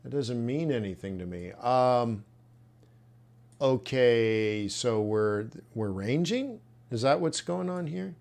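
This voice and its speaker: A man's voice: mid-range voice, expressive, slow pace, vocal fry, a little mellow. A man coaching traders in a live webinar, thinking aloud and reacting bluntly as he reviews trade plans. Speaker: trading coach. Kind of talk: live trading webinar commentary.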